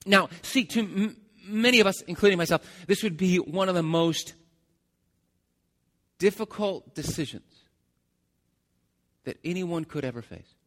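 A man's voice: high voice, a little slow, long pauses, fairly bright tone, in a large hall. A man preaching a sermon, retelling a story with restarts and asides to the congregation. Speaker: pastor.

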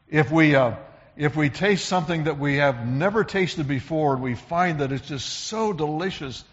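A man's voice: on the high side, in a large hall, dull audio. A man preaching a sermon in an earnest, emphatic way, often repeating words as he builds a point. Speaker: pastor.

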